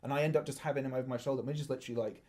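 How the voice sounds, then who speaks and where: A man's voice: mid-range voice, steady tone, darkish tone. A man co-hosting a podcast, eagerly recounting events in casual chat. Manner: quick, eager recounting with filler "like". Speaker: podcast co-host.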